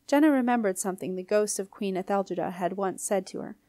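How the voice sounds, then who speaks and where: A woman reading a children's fantasy book aloud in a clear, expressive way. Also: medium pitch, quick pace, no room sound, clean studio sound. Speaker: audiobook reader. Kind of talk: storybook narration.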